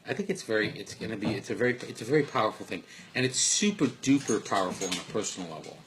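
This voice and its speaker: A man's voice: lowish voice, lively intonation, quick pace, background noise. A man at home giving earnest parenting and life advice in a casual, rambling way, full of restarts. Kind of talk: casual spoken monologue. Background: dogs and household sounds faintly.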